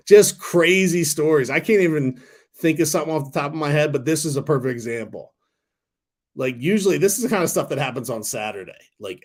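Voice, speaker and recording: A man in his thirties hosting a casual stock talk livestream, rambling and excitable, swearing freely. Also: mid-range voice. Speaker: stock talk channel host.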